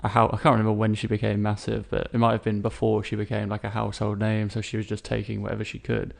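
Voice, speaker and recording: Young guy on a podcast, low gravelly voice, blunt and sweary. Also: fast talker. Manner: blunt, swears freely, animated when ranting. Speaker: podcast co-host. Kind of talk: casual film review chat.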